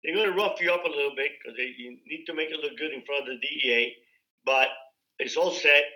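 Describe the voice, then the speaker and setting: A man's voice: a little high, brisk, sharp tone, rough recording. A man telling his own story in a loose, conversational way, with frequent fillers and acted-out quoted dialogue. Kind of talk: casual spoken storytelling.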